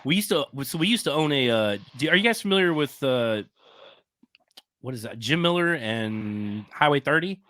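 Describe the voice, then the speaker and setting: Animated, bright-voiced male storyteller. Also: medium pitch, normal speed, dry recording. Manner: animated, profane anecdote-telling. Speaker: film producer. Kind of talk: podcast storytelling.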